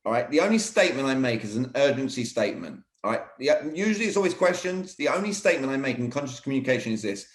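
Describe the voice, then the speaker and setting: A man coaching on sales technique in an energetic, emphatic way, often saying "all right". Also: medium pitch, fast, hardly any pauses. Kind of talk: teaching sales techniques in conversation. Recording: roomy echo.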